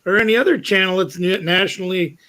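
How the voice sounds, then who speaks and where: A man's voice: high-pitched, fast talker, sharp tone, poor audio. A man, co-hosting a casual live stream and teasing viewers in chat. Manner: chatty, teasing, laughs often.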